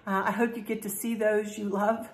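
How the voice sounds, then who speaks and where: A middle-aged woman who vlogs about crafts and home decor talks in a mid-range voice at a normal speed, her delivery flat. She gushes in a folksy way, repeats herself, and grows teary and emotional as she chats.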